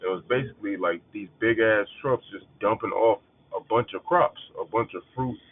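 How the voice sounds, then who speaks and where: A man's voice: lowish voice, normal speed, slightly rough, dry recording. Blunt preacher man on a tinny line. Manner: blunt, profane, emphatic repetition. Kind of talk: casual scripture teaching. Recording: phone-like narrow band.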